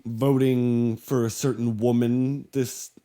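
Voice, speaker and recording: A man's voice: mid-range voice, little pitch movement, slow pace, warm tone. Prim, earnest talk-show host man. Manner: prim, stiff, earnest conservative host persona. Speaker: satirical radio host in character. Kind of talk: deadpan comedic talk-show bit. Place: studio.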